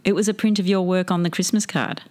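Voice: mid-range voice, fairly even intonation, quick pace, a little mellow. An interviewer prompting with brief questions and murmured replies.

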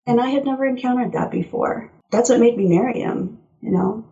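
A woman guest on an interview show, telling personal stories in an animated way and laughing often. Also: a little high, brisk, creaky, lo-fi sound. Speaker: guest author. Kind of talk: casual interview chat.

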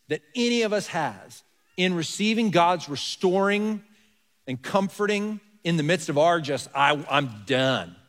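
In a church sanctuary with the long reverb of a large hall, a pastor delivers a conversational sermon in a slightly high, fairly bright voice. He poses rhetorical questions to the congregation and leans hard on key words.

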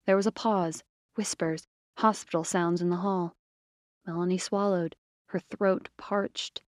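A woman narrating a short story in a measured, expressive reading. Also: lowish voice, no room sound, studio quality. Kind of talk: scripted fiction narration.

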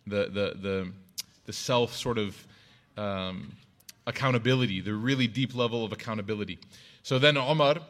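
A man's voice: fairly low pitch, fairly bright tone. A man telling a religious story in a loose, conversational lesson, with many casual fillers, speaking from home. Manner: conversational, loose, lots of "you know" and "like". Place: at home with his child nearby.

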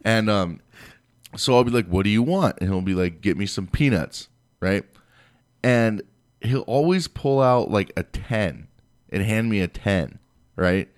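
A young man with a lowish voice chats on a podcast and tells stories full of swearing. He animates each quote as he goes. The sound is close and dry, with no room behind it. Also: a little slow, no echo. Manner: profane, animated storyteller acting out quotes. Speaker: podcast co-host. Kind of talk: casual storytelling chat.

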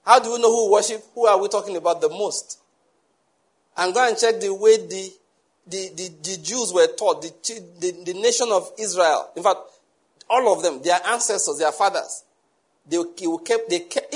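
Husky-voiced preacher man. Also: sits high, normal speed. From Nigeria. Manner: animated preaching, voices quoted people, laughs often. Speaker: pastor. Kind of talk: sermon.

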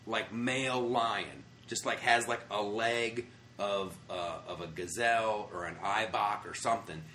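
An American man, a comedian, telling travel stories in a casual interview, animated and profane, acting out the people he quotes. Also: on the low side, unhurried, echoey room, slight background noise. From United States. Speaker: comedian guest. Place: comedy club after a show.

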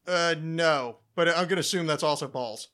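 American guy hosting a podcast, kinda high bright voice, swears a lot, joking around. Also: normal speed. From United States. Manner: crude, joking, swears freely. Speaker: podcast host. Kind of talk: casual podcast chat.

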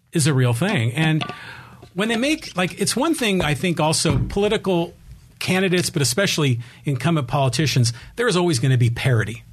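A man's voice: on the high side, husky. A man interviewing a guest, thinking through his points with hedging phrases. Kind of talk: conversational interview.

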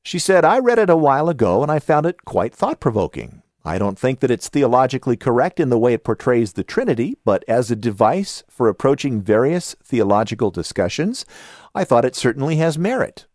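Southern California man with lively pitch. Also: a little fast, no room sound, studio quality. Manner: conversational, reads listener comments aloud with asides. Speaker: podcast host. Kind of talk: casual book review talk.

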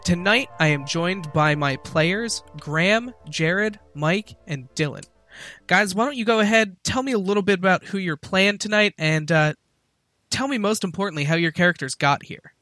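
A man hosting a tabletop game podcast as dungeon master, upbeat and quick to laugh in casual banter. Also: high-pitched, pushed and bright, no echo, soft background music.

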